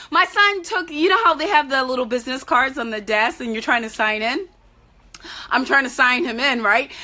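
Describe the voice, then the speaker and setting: A woman's voice: high-pitched, bright, forceful tone. A woman speaking candidly and emotionally to other parents, tearful at times. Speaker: parent support vlogger. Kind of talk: heartfelt talk to camera.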